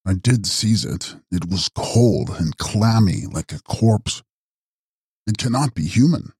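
A man reading an audiobook voices a brave, forceful gentleman who chases a monster, speaking low and urgently. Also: expressive, slow, breathy edge, no echo, clean studio sound, heavily acted. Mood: shaken. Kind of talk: audiobook character voice.

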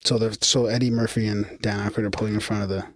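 A man's voice: lowish voice, little pitch movement, fast talker, dry recording. A man with a Canadian accent co-hosting a podcast in casual, rambling chat, reading out listener mail and laughing easily. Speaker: podcast co-host.

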